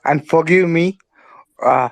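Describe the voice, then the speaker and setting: A man, hoarse from a sore throat. He talks slowly and hesitantly, filling pauses and apologizing as he goes. His voice sits a little high and the sound is dry and close. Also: dry recording. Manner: hesitant, many fillers, apologetic. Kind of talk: casual discussion, call-in.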